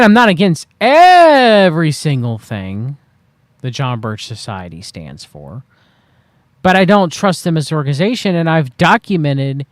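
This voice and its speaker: A man with a high voice hosts a livestream, chatting to his viewers in a rambling, wry way and stretching out words for emphasis. The sound is clean studio audio with no room echo.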